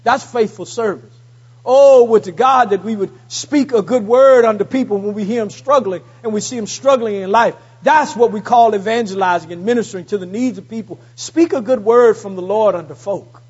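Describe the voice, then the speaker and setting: A man preaches a sermon in a high, husky voice, swinging between hushed asides and fervent, rising calls. The recording is dull and muffled, like a church service taped on modest gear. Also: moderate pace. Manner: call-and-response preaching, rising to fervent peaks; repeats phrases for emphasis.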